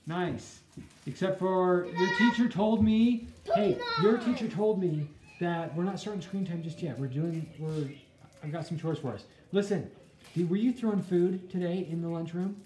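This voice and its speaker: A woman in her thirties with a low, mellow voice vlogs casually at home, chatty and upbeat as she talks straight to her viewers. The room rings with echo and faint music plays behind her. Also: normal speed. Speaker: family vlogger. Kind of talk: casual home vlog to camera. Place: family home indoors.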